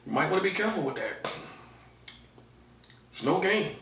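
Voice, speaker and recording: A man's voice: sits high, big pitch swings, normal speed, bright, forceful tone. A man from North Carolina with a Southern accent, talking in a casual, laid-back, repetitive monologue with a warning tone. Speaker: online commentator. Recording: distant, echoey, dull lo-fi room sound.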